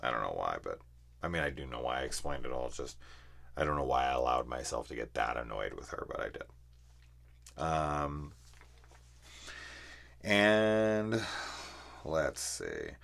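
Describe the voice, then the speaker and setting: A man's voice: very deep voice, sing-song, a little slow, creaky, long pauses, fairly bright tone. A man reviewing a horror film in casual, profane, exasperated ranting.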